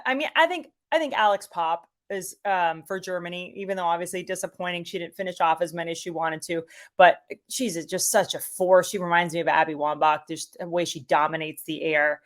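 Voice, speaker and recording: Here a middle-aged woman who commentates on soccer chats as an interview guest, sounding enthusiastic and animated and dropping in lots of fillers. Her pitch is on the low side and her delivery fairly quick.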